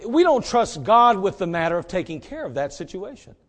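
High-voiced impassioned preacher, man. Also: very animated, brisk. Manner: impassioned, swings between loud emphasis and low asides; folksy and direct. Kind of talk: sermon.

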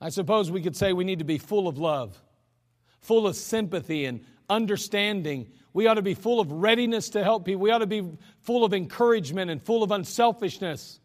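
A man's voice: high-pitched, animated, fairly quick. A male pastor preaching a sermon in a folksy, emphatic way, with chuckling asides, in a church sanctuary. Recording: long hall reverb.

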